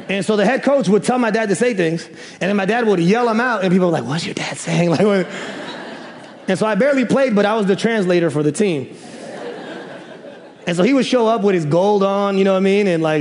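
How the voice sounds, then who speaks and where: A young man from the Chicago area preaching, telling stories in a joking, animated way with loud exclaims. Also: high-pitched. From Chicago area, USA. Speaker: pastor. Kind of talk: sermon with storytelling. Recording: reverberant hall.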